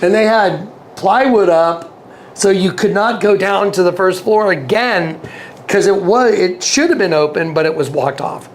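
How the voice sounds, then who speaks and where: Earnest man with a higher voice. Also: measured pace, slight background noise. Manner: earnest, repeats and acts out quoted dialogue. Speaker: interview guest. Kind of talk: casual storytelling.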